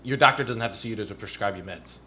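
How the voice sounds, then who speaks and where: A man with a rather low but strikingly bright voice explains a rule at a city meeting. He starts, stops and rephrases his sentences as he goes. The stream carries a faint hiss. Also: very fast. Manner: explanatory, breaks off and restarts sentences. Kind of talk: council meeting discussion.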